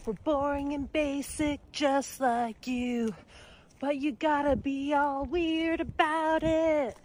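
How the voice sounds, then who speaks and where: A woman's voice: sits high, fairly even intonation, slow pace, darkish tone, slight background noise. A woman vlogging bluntly, with a sing-song refrain. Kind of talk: casual vlog narration.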